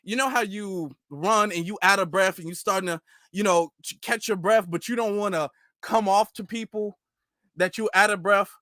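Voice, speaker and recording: Young male vlogger with a high voice, animated casual storyteller, close dry mic. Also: moderate pace, no room sound. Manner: animated, laughing, loose slang.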